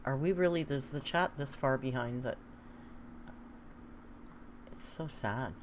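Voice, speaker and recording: A woman's voice: a bass voice, a little slow, a little hiss or hum. A woman hosting a casual live stream, joking, laughing often and swearing freely. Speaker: stream host.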